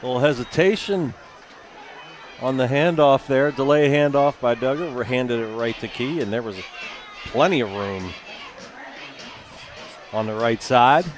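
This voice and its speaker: A man doing color commentary at a high school football game, breaking down plays in a relaxed, chatty way. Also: unhurried, long pauses. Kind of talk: sports commentary. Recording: crowd and outdoor noise behind.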